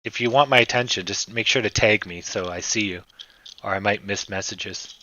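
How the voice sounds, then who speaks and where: Low bright-toned man rambling on a stream. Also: moderate pace, highs cut off. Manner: rambling, filler-heavy, swears casually. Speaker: stock trading livestream host. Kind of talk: casual livestream chat.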